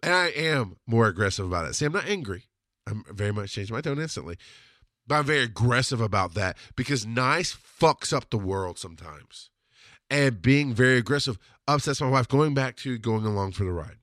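A man hosts his own show and tells a personal story with blunt, heated, profane emphasis. His pitch swings widely and his tone is bright and forceful. The sound is dry and close, with no room around it. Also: animated, moderate pace, no echo. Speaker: podcast host. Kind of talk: casual storytelling monologue.

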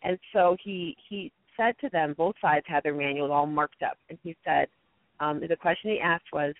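A woman's voice: normal speed, dry recording. Woman telling stories over a tinny line. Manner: animated storyteller, acts out quotes in a high voice. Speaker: guest speaker on conflict. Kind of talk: casual storytelling interview. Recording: dry tinny phone-like line.

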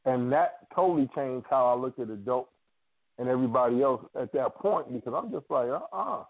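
There's no room sound on this dry phone-line recording, though the line is tinny. The man, a radio show co-host, has a medium-pitched voice and talks a little fast, animatedly acting out family quotes while swapping casual stories.

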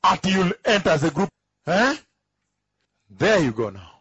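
A man preaching a teaching sermon, emphatic, who repeats key phrases slowly, asks rhetorical questions and chuckles between points. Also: high-pitched, big pitch swings, a bit bright, husky, no echo, highs cut off.

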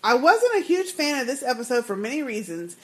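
A woman's voice: high-pitched, big pitch swings, a little fast, a loud crowd. A woman co-hosting a casual podcast, chatting and laughing as she reads listener emails aloud. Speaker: podcast co-host.

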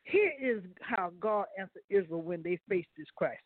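A man's voice: sits high, lively intonation, normal speed, no room sound. A man preaches a folksy sermon to radio listeners, tripping over a word here and there as he talks to them directly. He comes through a narrow, phone-like line. The sound is dry, with no room around it. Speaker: guest preacher.

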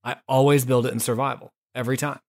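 A man hosts a casual gaming podcast, easygoing and profane. His pitch sits in the middle for a man, and he talks in a relaxed, joking way. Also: fast talker. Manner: laid-back, swears freely, says "dude" and "son". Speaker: podcast host. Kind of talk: casual chat.

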